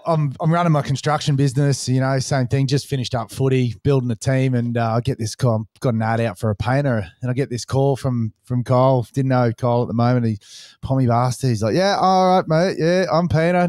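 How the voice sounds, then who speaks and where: A man's voice: mid-range voice, fast talker, dry recording, studio quality. An Australian man in his thirties hosting a podcast, telling stories in loose, sweary chat and acting out other people's lines. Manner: swears freely, animated retelling with put-on voices. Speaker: podcast host. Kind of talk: casual storytelling chat.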